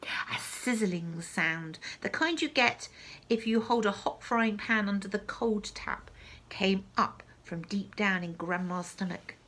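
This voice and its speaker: A woman reading a children's story aloud, with slow, expressive delivery and hushed asides. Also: medium pitch.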